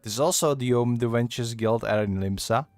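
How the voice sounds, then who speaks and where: A man reads aloud as a worldly, gruff tavern keeper, stumbling haltingly over the dialect in a middle-pitched, darkish voice with light acting. Faint game music plays beneath, and there's no room sound.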